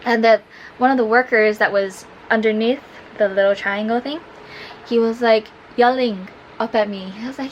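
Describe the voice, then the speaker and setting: Woman, vlogger, casual storytelling, chatty, filler-heavy, slightly high voice. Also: fairly even intonation, normal speed, dull audio, slight background noise.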